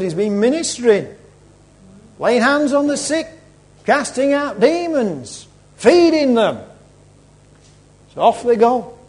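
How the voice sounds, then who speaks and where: Slow, high-voiced dramatic preacher. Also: male voice. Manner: dramatic, swings between loud and hushed. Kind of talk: sermon storytelling.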